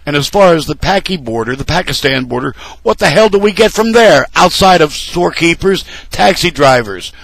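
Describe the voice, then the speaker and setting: A man's voice: on the high side, lively intonation, moderate pace, vocal fry, few pauses, fairly bright tone, no room sound, rough recording. A man delivering a sarcastic, scolding political rant, speaking straight to the candidates as if they were listening. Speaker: political commentary vlogger. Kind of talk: ranting political commentary to camera.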